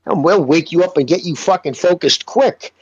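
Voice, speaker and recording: A man co-hosting a podcast, telling boxing stories in a blunt, profane, animated way. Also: on the high side, moderate pace, breathy edge, no room sound, muffled recording. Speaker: podcast co-host, former fighter. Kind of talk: casual podcast chat.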